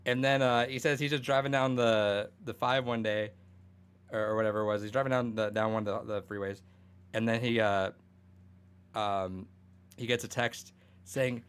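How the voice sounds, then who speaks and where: A man's voice: medium pitch, a little fast, fairly bright tone, clean tone. Rambling young man in casual podcast chat. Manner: rambling, swears, many fillers and restarts. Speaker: podcast co-host.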